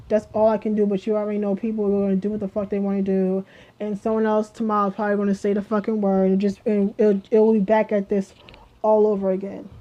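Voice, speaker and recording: A woman ranting to camera in a vlog, heated and emphatic, swearing often and repeating herself with lots of fillers. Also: medium pitch. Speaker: vlogger. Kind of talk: casual rant to camera. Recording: dull lo-fi audio.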